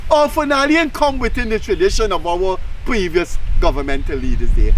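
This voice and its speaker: A man's voice: high-pitched, lively intonation, fairly quick, a little hiss or hum. A man with a Guyanese accent hosting a casual political talk show, talking bluntly and scolding, acting out the voices he quotes. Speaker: host.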